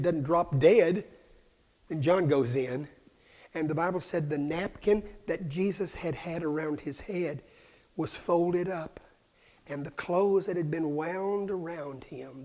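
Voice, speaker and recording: A man preaching a sermon, dropping to hushed whispers and rising to loud, fervent cries. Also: fairly high pitch.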